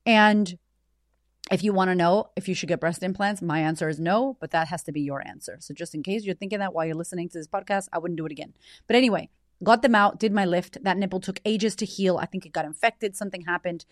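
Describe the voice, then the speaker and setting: A woman in her thirties hosting a podcast, telling a personal story in a blunt, animated way with frequent swearing. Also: fairly low pitch, fast, no echo, studio quality. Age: 30s. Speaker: podcast host. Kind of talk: candid personal storytelling monologue.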